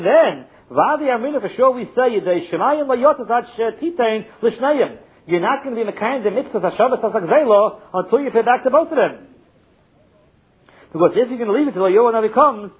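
Over a muffled, phone-like recording, a man with a very high, slightly rough voice leads a Talmud lesson. He chants through it, reading brief phrases and translating them one by one.

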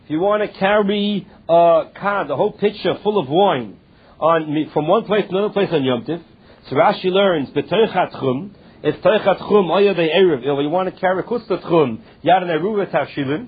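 At a moderate pace, a man with a high, slightly rough voice reads through Talmud text and explains it in English, often restarting. It's a class setting, and the sound comes through tinny, like a phone line.

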